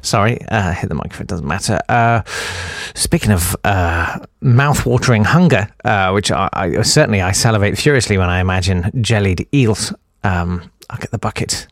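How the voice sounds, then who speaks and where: A man's voice: on the low side, moderate pace, no room sound, clean studio sound. A man hosting a comic news podcast, sarcastic and rambling with lots of ums. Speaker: podcast host.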